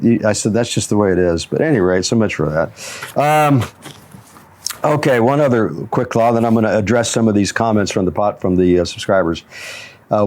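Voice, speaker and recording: With a mid-range voice and a darkish tone, the host of a motivational talk show, who also teaches jiu-jitsu, shares stories and laughs often as he goes.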